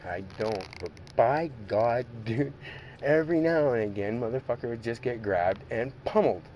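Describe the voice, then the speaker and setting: Man, gaming streamer, profane rambling chat, middle pitch, faint background hum. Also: normal speed, darkish tone, poor audio. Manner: rambling, heavily profane, laughs often. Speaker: streamer playing a racing game.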